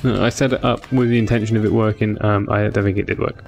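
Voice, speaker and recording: Sleepy male streamer, loose chat with viewers, lowish voice, some gravel, soft game music in the background. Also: fairly even intonation, fast. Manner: rambling, chatty with viewers, many fillers. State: tired. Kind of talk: casual live-stream chat.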